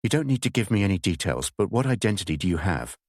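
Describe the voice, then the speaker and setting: A man's voice: low voice, big pitch swings, fast talker, a little mellow, no echo, studio quality. A man voicing a curt, wary English village schoolteacher woman who speaks in a clipped, firm way. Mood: firm, brisk.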